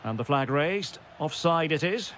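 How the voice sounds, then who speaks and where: A man calling football play-by-play for a video game, in terse calls that rise into excited shouts at big moments. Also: fairly high pitch, unhurried, slight background noise. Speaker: play-by-play commentator.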